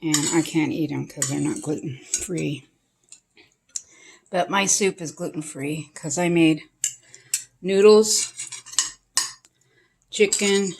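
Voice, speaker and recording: A woman's voice: deep voice, takes it slowly, creaky, pauses often, a little mellow, breathy edge. A woman vlogger chatting casually with family over dinner at home, fond and talkative.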